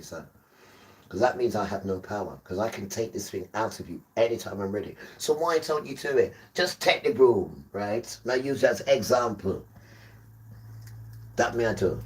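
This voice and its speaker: A man with a low voice hosts a live stream and exhorts his listener like a preacher. He repeats himself, coaxing and pressing, and keeps calling the listener son. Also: a little mellow.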